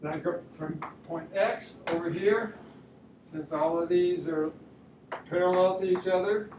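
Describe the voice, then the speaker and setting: A man's voice: high voice, measured pace. Art teacher, male, talks his steps aloud mid-sketch; echoey room, distant mic. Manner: thinks aloud step by step while drawing. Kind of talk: drawing demonstration lesson. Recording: roomy echo, mic at a distance, faint room noise.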